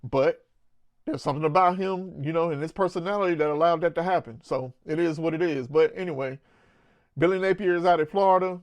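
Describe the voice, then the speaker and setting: A man's voice: fairly high pitch, fairly quick, no room sound. A man hosting his own sports show, giving blunt, opinionated casual commentary with conversational asides.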